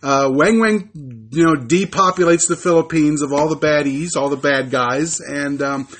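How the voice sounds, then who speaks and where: A man co-hosting a podcast, chatting about films in a relaxed, informative way. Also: on the high side. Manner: relaxed, informative, with pauses and fillers. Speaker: podcast co-host. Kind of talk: casual chat about films.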